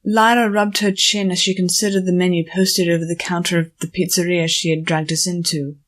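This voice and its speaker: A woman narrating an audiobook chapter in a measured storytelling manner. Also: lowish voice, little pitch movement. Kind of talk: scripted narration.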